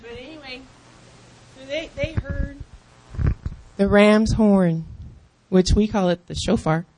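A woman in her fifties preaching a lively sermon, acting out the voices of other people and calling out in excitement. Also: medium pitch, takes it slowly, no echo. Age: 50s. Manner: animated, acts out voices of others, shouts in excitement.

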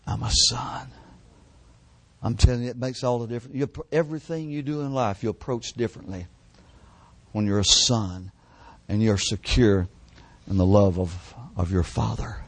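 An older man preaching a sermon at a church service, telling his testimony with fervent repetition and dropping to hushed tones at the emotional peaks. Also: fairly low pitch, fairly even intonation, moderate pace, no echo.

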